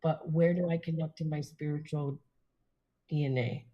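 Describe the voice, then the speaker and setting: A woman guest in a casual spiritual chat, talking gently and reflectively. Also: low voice, fairly even intonation, moderate pace, slightly rough, highs cut off.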